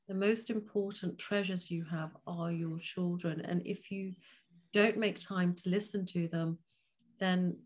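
A woman hosting an interview, speaking in a thoughtful, measured way. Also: on the low side, a little mellow. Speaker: host. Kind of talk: reflective interview talk.

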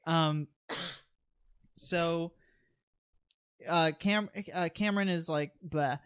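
A man's voice: fairly high pitch, steady tone, drawn-out words, a bit bright, smooth, dry recording. A man co-hosting a podcast, chatting casually through a movie recap with eager asides. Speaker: podcast co-host.

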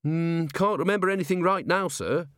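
A man's voice: fairly high pitch, normal speed, fairly bright tone, dry recording, clean studio sound, voice pushed up, lightly acted. A man doing an eager, polite young watchman. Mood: earnest. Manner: polite, eager, says sir a lot.

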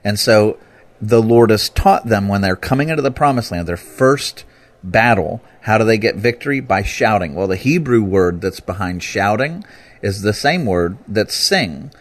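A man explaining scripture in a relaxed, conversational way, bursting into loud, lively emphasis when he quotes it. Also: fairly low pitch, normal speed. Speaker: Bible teacher. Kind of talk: conversational teaching talk.

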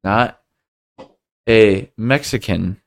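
A young man from the United States co-hosting a podcast, talking in a relaxed, rambling way with frequent fillers and laughs. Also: on the low side, extremely slow, creaky. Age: young adult. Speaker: podcast co-host. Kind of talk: casual chat.

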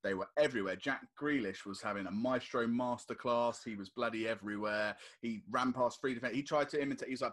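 A man's voice: mid-range voice, quick pace, hardly any pauses. A man co-hosting a casual football podcast, telling stories and acting out what people said. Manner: animated storytelling, acts out quotes. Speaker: podcast co-host.

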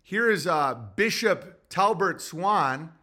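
Male podcast host, high bright voice, profane agitated rant. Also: animated, slow pace. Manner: profane, agitated ranting with restarts and mock voices. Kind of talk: rambling commentary monologue.

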